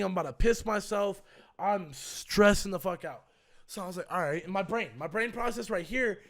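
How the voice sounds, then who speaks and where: High, gravelly young man telling a story. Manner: animated, profane, acts out both sides of phone calls. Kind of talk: casual storytelling chat.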